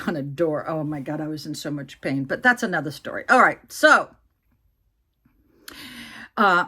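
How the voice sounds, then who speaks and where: A woman's voice: fairly low pitch, fairly bright tone. Chatty older woman telling a candid story. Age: 60s. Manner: chatty, candid, lots of fillers and asides. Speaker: vlogger. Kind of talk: casual storytelling to camera.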